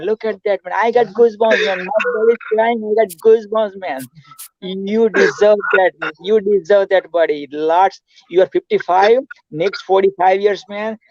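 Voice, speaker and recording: Effusive high-voiced man hosting a call. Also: highs cut off, a little hiss or hum. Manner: effusive, repeats "man" and "buddy". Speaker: host. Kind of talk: casual video call chat.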